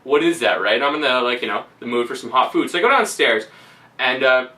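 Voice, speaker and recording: A man's voice: mid-range voice, expressive, fairly quick, sharp tone, far from the mic. A man casually telling a story, rambling and laughing, with lots of fillers. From Canada. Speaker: vlogger.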